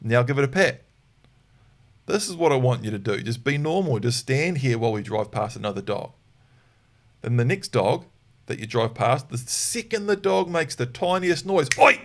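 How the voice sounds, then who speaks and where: A man with a voice of ordinary middle pitch, hosting a live dog-training Q&A. He explains things in a practical way and now and then snaps out a sharp command as he would say it to a dog. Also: expressive, normal speed. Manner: demonstrates sharp corrective commands. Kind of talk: live Q&A podcast.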